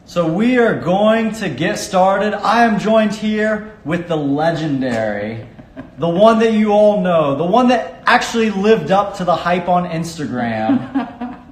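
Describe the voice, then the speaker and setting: A man's voice: high voice, lively intonation, slow pace. A man hosting a casual live-streamed interview, upbeat and joking. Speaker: host. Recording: echoey room with faint noise.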